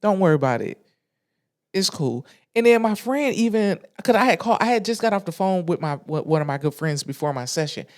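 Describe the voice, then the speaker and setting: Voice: medium pitch, fast, hardly any pauses. Exasperated podcast host telling a candid story. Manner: animated, candid, with frequent swearing and slang; exasperated retelling with frequent restarts. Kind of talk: casual storytelling monologue.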